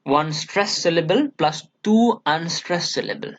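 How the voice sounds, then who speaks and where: A male college English lecturer with an Indian English accent, giving a slow, deliberate classroom lecture full of "uh" and "okay" and repeating example words for stress. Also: on the high side, lively intonation. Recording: dull lo-fi recording.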